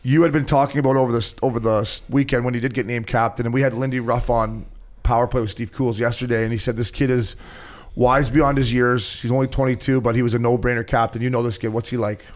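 Quick, teasing male podcast host, mid-pitched. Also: flat delivery. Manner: rapid, teasing, leads the questions. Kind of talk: casual chat.

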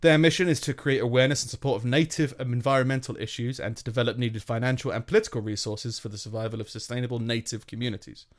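A man's voice: mid-range voice, fairly even intonation, fast, few pauses. A man co-hosting a podcast in casual chat, sarcastic and swearing, often laughing while mocking what he reads out. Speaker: podcast co-host.

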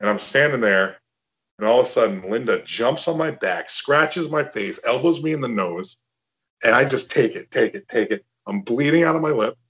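Animated man telling an on-set story. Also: mid-range voice, moderate pace, lo-fi sound. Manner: animated, restarts and acts out quotes. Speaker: guest actor. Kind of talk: casual storytelling interview.

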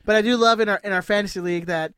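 A man's voice: high-pitched, rapid-fire, clear, resonant tone, no echo, studio quality. A man co-hosting a casual sports podcast, joking with friends and reading out listener emails. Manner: relaxed, jokey, reads out listener emails. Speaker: podcast co-host.

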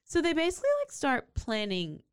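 A woman's voice: high voice, brisk, clean tone, no echo, studio quality. A woman co-hosting a podcast, telling a true-crime story casually and acting out the people in it. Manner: animated, acts out characters with big swings in voice. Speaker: podcast co-host.

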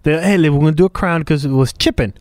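A man chatting casually and telling a story with animated outbursts. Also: fairly high pitch, fast talker, dry recording, studio quality. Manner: animated storyteller, acts out his own outbursts. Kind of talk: casual chat.

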